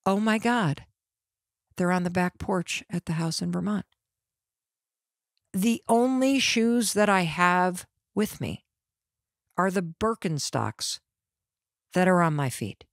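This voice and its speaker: A middle-aged woman hosting a podcast, telling a personal story with lively acted-out quotes of the people in it. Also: on the low side, slow pace, pauses often, dry recording, clean studio sound. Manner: acts out quoted voices of family and ranger. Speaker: podcast host.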